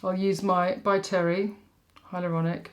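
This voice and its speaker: This woman's voice runs low, with a flat delivery at normal speed, as she rambles through a chatty makeup tutorial and mocks herself while working.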